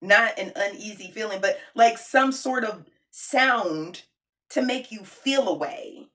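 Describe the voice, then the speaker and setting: Woman, mid pitch, casual to-camera chat, emphatic, slangy, repeats herself. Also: slow. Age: adult with a child. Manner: animated, emphatic, repeats points for effect; slangy, conversational, addresses viewers directly. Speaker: video creator reviewing a film.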